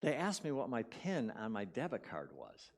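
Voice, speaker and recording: Guy telling a story in a sermon, mid pitch, gets loud then real quiet, repeats words a lot. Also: normal speed. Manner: animated, swings between loud bursts and quiet drops; conversational, repeats words for emphasis. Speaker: guest speaker. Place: church sanctuary.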